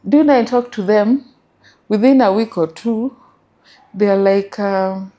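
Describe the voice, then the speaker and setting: Kenyan woman telling a story, mellow voice. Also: medium pitch, unhurried. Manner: animated storytelling with English and Swahili mixed. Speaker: guest. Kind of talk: interview storytelling.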